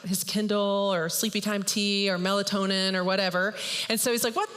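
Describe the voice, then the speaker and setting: A woman pastor retelling a Bible story in a lively, chatty sermon. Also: medium pitch, brisk. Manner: lively, chatty, acts out characters. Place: church. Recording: long hall reverb.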